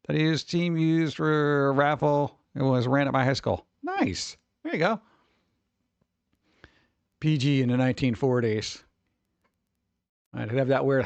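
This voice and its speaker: Wry, chatty man with a higher voice. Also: gravelly, no echo. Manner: chatty, wry, full of asides and muttered reactions. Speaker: streamer host. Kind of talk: casual rambling commentary.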